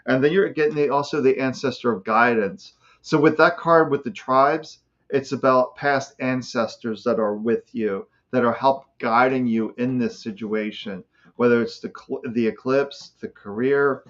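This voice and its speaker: A man's voice: mid-range voice, normal speed, fairly bright tone. A man giving spiritual guidance during a live card-reading stream, in a soothing, reassuring manner. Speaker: psychic reader, co-host. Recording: muffled lo-fi stream audio.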